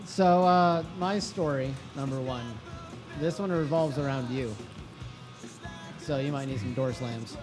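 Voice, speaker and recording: A man's voice: medium pitch, measured pace, over music, rough recording. A man who is a guest on a casual podcast, telling a story and teasing the host. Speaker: guest chef, former student.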